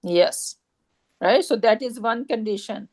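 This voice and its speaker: A woman's voice: on the high side, measured pace, darkish tone. A woman teaching a grammar class, explaining step by step, repeating key points and checking that students follow.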